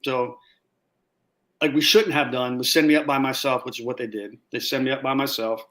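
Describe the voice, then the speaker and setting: A man guest telling a casual, animated story with laughs, acting out what others said. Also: medium pitch, brisk. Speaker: guest, former Marine sniper.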